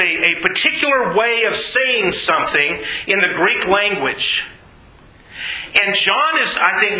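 A man's voice: high voice, sharp tone. A man preaching a Bible teaching sermon, explaining things in a patient, teacherly way. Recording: roomy echoey room.

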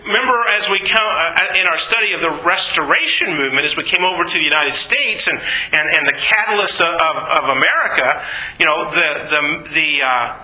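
Man, bible class teacher, quizzes the class and answers himself, high pitch, echoey room. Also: sharp tone. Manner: asks the class questions and answers them himself. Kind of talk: informal Bible study lecture.

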